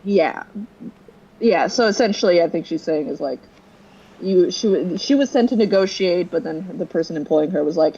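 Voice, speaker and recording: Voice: medium pitch, animated, normal speed, warm tone, slightly rough. A friend on a call, casually explaining the game in plain words. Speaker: co-player on a call. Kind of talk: casual chat. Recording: dull lo-fi call audio.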